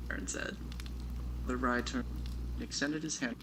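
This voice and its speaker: A man's voice: mid-range voice, huge pitch swings, normal speed, vocal fry, pauses often. A man reading his own novel aloud on a stream, chuckling at his own writing and stopping to comment on it. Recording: noisy background hiss.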